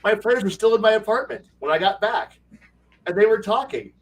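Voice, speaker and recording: A man with a somewhat high voice tells a rambling story in casual chat, acting out the quotes and laughing as he goes. He swears freely, and he sits a little back from the microphone. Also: expressive, a little fast, distant mic. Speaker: game master.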